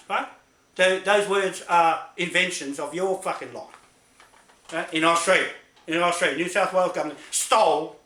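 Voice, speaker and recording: A man's voice: on the high side, bright, forceful tone, roomy sound. A man delivering an angry, confrontational public statement, swearing and repeatedly asking "right?". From New Zealand. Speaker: land claimant making a public statement.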